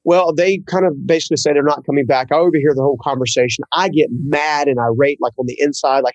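A man who is a guest in an interview, telling a personal story in an earnest, halting way and often repeating words. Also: a little high, fairly even intonation, dry recording, rough recording.

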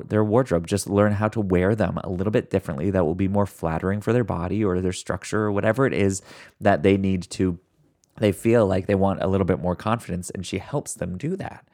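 A man hosting a motivational podcast, talking earnestly and encouragingly straight to his listeners, a fast talker who sometimes slows down on purpose. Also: sits low, a little mellow. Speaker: podcast host. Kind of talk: motivational solo podcast talk.

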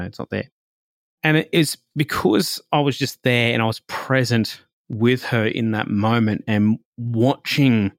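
A man hosting a podcast, telling a personal story in a relaxed, reflective way, full of "like" and "you know". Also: mid-range voice, no room sound, studio quality. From Australia. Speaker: podcast host.

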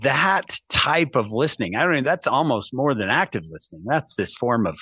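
A man's voice: medium pitch, moderate pace, breathy edge, dry recording. A man telling a story in a casual conversation as a podcast guest, laughing often and acting out the dialogue. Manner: animated, acts out quoted dialogue, laughs often.

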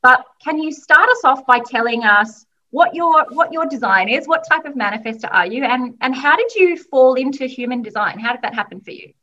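Bubbly aussie woman hosting a podcast, higher voice, really bright and forceful. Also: expressive, a little fast, hardly any pauses, lo-fi sound. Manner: bubbly and effusive, laughs often. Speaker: podcast host. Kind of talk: podcast interview.

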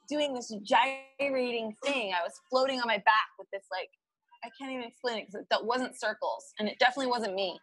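Husky-voiced woman telling an animated story. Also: a little high, no room sound, low-quality recording. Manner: animated, laughing, quotes her own thoughts. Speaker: podcast guest. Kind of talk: casual storytelling.

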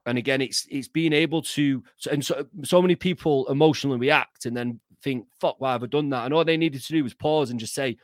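Brief: male podcast host, mid-pitched voice, motivational and affirming, dry close-miked sound. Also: brisk, few pauses, no echo. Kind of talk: casual conversational interview.

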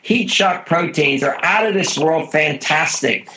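A man's voice: on the high side, unhurried, sharp tone, a little hiss or hum. A man being interviewed as a guest author, explaining things in an earnest, instructive way and repeating his key points. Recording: dull lo-fi audio.

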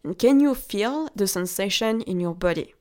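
Hosting a motivational podcast, a relationship coach from France speaks in a French accent with a mid-range, slightly mellow, expressive voice at normal speed. She offers encouragement directly to whoever is listening.

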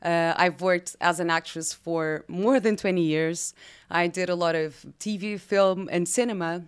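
A woman's voice: on the low side, fairly even intonation, a little slow, smooth. A woman from Portugal with a Portuguese accent, hosting an interview podcast in English with frequent hesitations and fillers. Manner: hesitant, many fillers, laughs easily. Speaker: podcast host.

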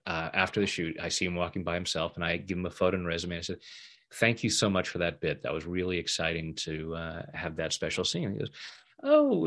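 Deep-voiced middle-aged man telling a story. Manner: animated when acting out quoted voices, laughs often. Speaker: interview guest, EFT practitioner. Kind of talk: casual storytelling.

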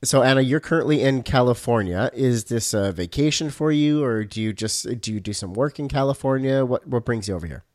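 A man's voice: mid-range voice, animated, brisk, hardly any pauses, darkish tone. A man hosting a podcast, introducing the episode and interviewing a guest in a casual, joking way. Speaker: podcast host.

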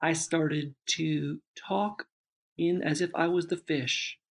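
Husky-voiced man telling a story. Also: a little high, fairly even intonation, slow. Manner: rambling, reflective storytelling with many restarts. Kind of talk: casual chat.

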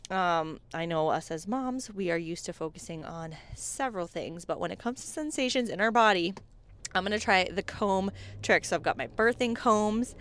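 A woman's voice: medium pitch, fairly bright tone, slight background noise. A pregnant woman in her thirties hosting a casual solo podcast, chatty, saying "like" often and laughing between phrases. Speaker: podcast host.

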